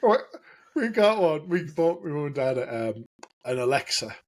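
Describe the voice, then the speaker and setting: Brief: male podcast co-host, husky, fairly high, jokey and chatty. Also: very animated, normal speed. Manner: jokey, laughs often. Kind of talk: casual chat.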